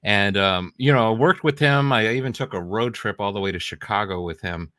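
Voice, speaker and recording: A man's voice: lowish voice, brisk, a bit bright, no room sound, studio quality. A man, a regular panelist on a talk stream, telling a story in a hesitant way with many ums. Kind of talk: casual storytelling.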